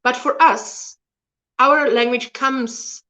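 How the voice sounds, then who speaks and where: Slow, bright, and forceful, her high voice holds a steady tone. She is a South African woman, a native Afrikaans speaker, chatting casually and rambling as she reads comments on her crochet livestream, occasionally losing words mid-sentence.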